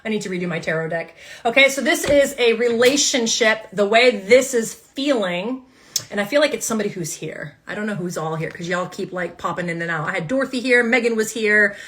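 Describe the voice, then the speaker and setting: A woman's voice: medium pitch, lively intonation, a little fast, fairly bright tone. A woman giving a live tarot reading to her viewers, emphatic and fired up, repeating her phrases and swearing casually. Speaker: tarot reader.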